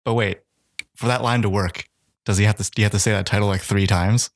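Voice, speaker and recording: A man co-hosting a podcast in casual chat, making quick quips and laughing a lot. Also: fairly low pitch, fairly even intonation. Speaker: podcast co-host. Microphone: studio mic.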